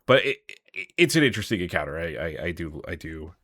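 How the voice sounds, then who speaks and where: A man's voice: sits low, sing-song, quick pace, fairly bright tone, no echo, clean studio sound. A man hosting a podcast, chatting casually about a tabletop adventure, rambling with fillers and restarts and laughing easily. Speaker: podcast host. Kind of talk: casual tabletop game discussion.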